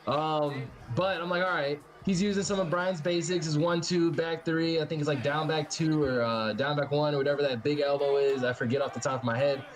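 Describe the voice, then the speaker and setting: A man's voice: a little high, fairly even intonation, a little fast, hardly any pauses. A man co-hosting a casual gaming chat, laid-back and joking, laughing often. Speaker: co-host, team captain.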